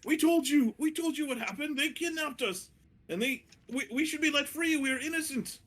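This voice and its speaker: A man voicing a group of desperate prisoners from a ship's crew, yelling out their pleas. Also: extremely high pitch, moderate pace, pitched above the performer's own voice. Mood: pleading. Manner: pleading, yelling out.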